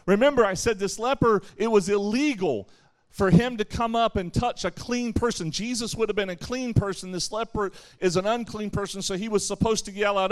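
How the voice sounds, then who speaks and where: A man preaching a sermon to young people at a camp, lively, acting out the voices he quotes and answering his own questions. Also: high-pitched, fairly quick. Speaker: camp speaker.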